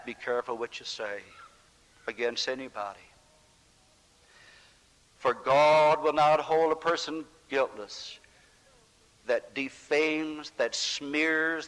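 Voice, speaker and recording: A man preaching a sermon with impassioned, dramatic swings in pitch and loudness, acting out scripture voices. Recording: long hall reverb.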